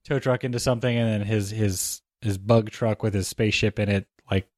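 A man recapping a movie in casual chat, animated and quick with joking asides. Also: lowish voice, dry recording, clean studio sound.

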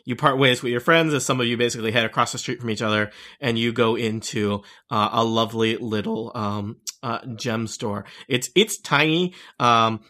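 A man's voice: medium pitch, normal speed, few pauses, bright, forceful tone. A man narrating as game master of a tabletop game, rambling with many fillers and restarts.

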